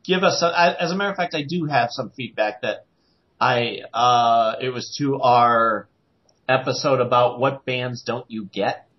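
A man co-hosting a podcast in casual chat, animated and quick to joke. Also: mid-range voice. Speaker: podcast co-host. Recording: dull lo-fi sound.

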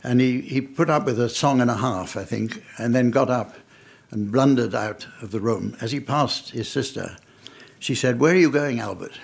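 A man's voice: medium pitch, normal speed, vocal fry, breathy edge. An older man from England telling family anecdotes to an audience in a dry, wry, understated way. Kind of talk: anecdotal storytelling talk.

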